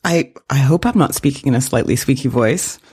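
A woman co-hosting a podcast, reacting with quick interjections in casual chat. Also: extremely low pitch, darkish tone, husky. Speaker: podcast co-host.

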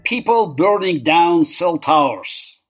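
A man's voice: fairly high pitch, expressive, slow pace, soft background music. A man co-hosting a podcast, making dry, joking comments in casual chat. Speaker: podcast co-host.

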